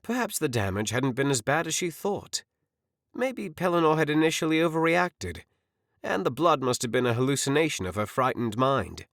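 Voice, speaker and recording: A man narrating a fantasy audiobook in an expressive, measured storytelling manner. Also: mid-range voice, no room sound, studio quality. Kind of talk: scripted narration.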